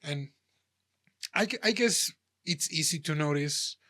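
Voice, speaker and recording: Male podcast co-host, a touch high-pitched, halting and casual. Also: expressive, sharp tone. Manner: halting, many restarts, acts out scenes in quoted voices. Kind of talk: casual chat.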